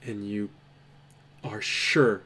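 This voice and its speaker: A man narrating a tabletop role-playing game as game master, telling the scene in a measured, dramatic way. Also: lowish voice, steady tone, a bit bright, slightly rough. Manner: slow, measured, dramatic storytelling.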